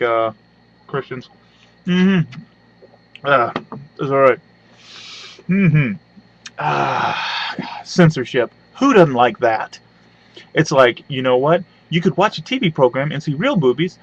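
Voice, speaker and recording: A man's voice: mid-range voice, dry recording. A man doing a profane, rambling, sarcastic comedy rant, with lots of hums and side remarks, recorded on a webcam at home. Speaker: webcam vlogger. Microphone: webcam mic. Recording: dull lo-fi webcam audio.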